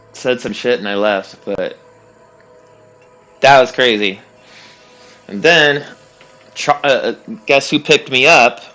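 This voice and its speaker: A man's voice: mid-range voice, bright, forceful tone. A young man streaming a game, telling a long story casually, rambling and swearing with lots of fillers and laughs. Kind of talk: casual storytelling while gaming.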